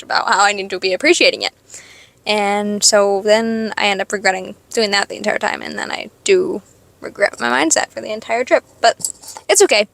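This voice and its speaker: A young woman vlogging from her parked car, telling a story in a chatty, animated way, full of "like" and sudden squeals of excitement. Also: medium pitch, no echo. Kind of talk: casual storytelling chat. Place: parked car in a parking lot.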